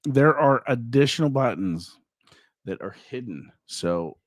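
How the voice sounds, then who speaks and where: Lively, teasing man hosting a podcast. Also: medium pitch, unhurried, no room sound, clean studio sound. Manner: animated and playful, teasing. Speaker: podcast host. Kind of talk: joking studio banter. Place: podcast studio. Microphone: desk microphone.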